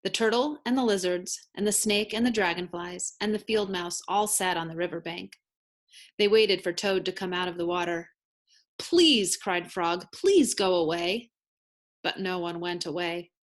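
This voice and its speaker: A woman teacher reads a children's picture book aloud at an easy, measured pace. Her narration is clear and gentle, made for young listeners. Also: fairly low pitch, steady tone. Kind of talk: read-aloud storybook narration.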